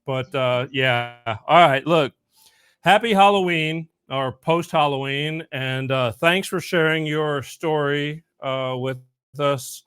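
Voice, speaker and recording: A man's voice: on the high side, slow pace, fairly bright tone, clear, resonant tone, no room sound. A middle-aged man hosting a podcast, chatting casually and rambling a bit. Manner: rambling, self-interrupting. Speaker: podcast host. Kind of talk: casual chat, telling a joke.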